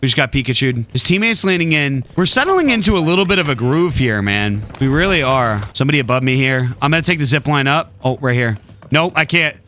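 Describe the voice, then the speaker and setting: A man hosting a gaming video, giving rambling, excitable live commentary over gameplay and playfully trash-talking opponents. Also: mid-range voice, brisk, a little hiss or hum. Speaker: gaming YouTuber.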